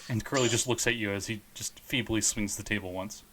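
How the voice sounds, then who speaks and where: A man narrating as game master of a tabletop game, relaxed and laughing often. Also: fairly low pitch, fairly quick, slight background noise.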